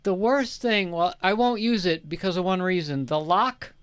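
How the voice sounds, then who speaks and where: A man's voice: sits high, normal speed, a bit bright, clear, resonant tone, dry recording. A man on a radio show casually and fussily explaining a small worry. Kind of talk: casual chat.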